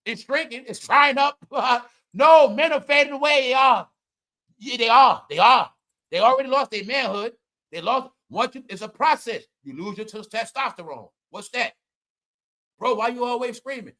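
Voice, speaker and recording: A man with a high, bright voice rants through a casual comedy commentary, talking straight to his audience. He is loud and profane, breaks into laughter often, and swings from shouting to muttering asides. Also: lively intonation, moderate pace. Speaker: online commentator.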